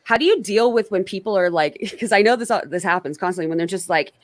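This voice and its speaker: A woman's voice: mid-range voice, animated, quick pace, no echo. A woman hosting a casual political panel on a stream, chatty and self-qualifying, often restarting her sentences. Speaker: stream host.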